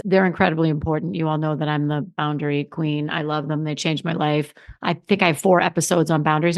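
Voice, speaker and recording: A middle-aged woman hosting her own podcast as a confidence coach, talking to listeners in a conversational, emphatic way and often restarting her sentences. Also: on the low side. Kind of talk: solo podcast monologue.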